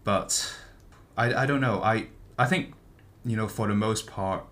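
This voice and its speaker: A man's voice: lowish voice, a little slow, fairly bright tone. A man in casual chat about a book, hesitant and thinking aloud as he talks. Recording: faint background noise.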